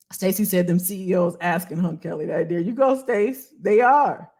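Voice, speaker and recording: Animated woman coaching a live audience. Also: lowish voice. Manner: animated and emphatic, talks straight to viewers; casual, reads out viewer comments. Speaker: career coach. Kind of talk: live-stream coaching talk.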